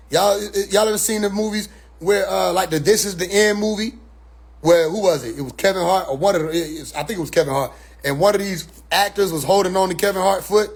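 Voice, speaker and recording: Male streamer, raised pitch and a raspy edge; loose, animated talk full of restarts. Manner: animated, repeats words as he restarts. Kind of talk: casual spoken monologue.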